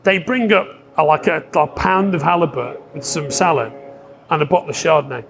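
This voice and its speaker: A man spins an anecdote in relaxed podcast chat, his voice sitting notably high for a man. He acts out scenes, laughs often and swears freely. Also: a little fast, vocal fry. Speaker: podcast guest telling stories. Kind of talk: casual chat.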